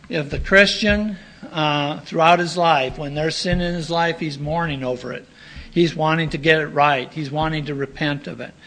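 A man preaching a sermon in an earnest, plain-spoken way, often pausing and clearing his throat. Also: fairly high pitch, pushed and bright.

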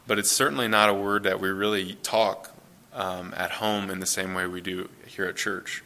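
A man in his thirties, a pastor, reading scripture and then preaching in a relaxed, conversational way in a church. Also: low voice, normal speed. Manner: conversational, relaxed, self-correcting.

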